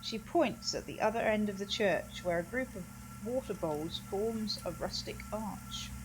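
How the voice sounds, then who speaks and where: A woman hosting a let's play, reading game narration aloud in a lively way. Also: medium pitch, a little slow, noisy background.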